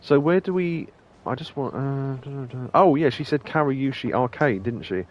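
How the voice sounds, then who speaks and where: A man streaming a game and chatting casually, rambling with many pauses and reading game lines aloud in playful voices. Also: medium pitch, highs cut off, slight background noise. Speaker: let's play streamer. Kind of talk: casual gameplay commentary.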